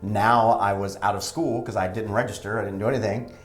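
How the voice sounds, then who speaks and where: Wisecracking man telling stories, low voice. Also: fairly even intonation, brisk, roomy sound, faint music behind. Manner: wisecracking, acts out quoted people. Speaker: comedian and actor guest. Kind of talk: casual storytelling interview.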